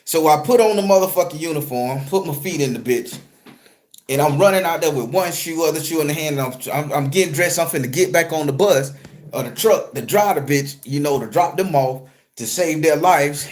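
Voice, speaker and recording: A man with a fairly high voice recounts a dream in a loose, profane monologue. He jokes in streetwise slang, bursts loud and excited, then drops to a quiet, low murmur. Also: normal speed. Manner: crude, joking, streetwise slang. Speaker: spiritual content creator and tarot reader. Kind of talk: casual profane storytelling monologue.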